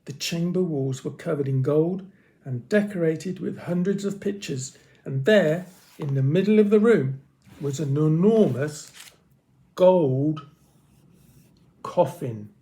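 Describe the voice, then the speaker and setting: A man reading a children's story aloud with expressive, dramatic pauses. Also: fairly high pitch.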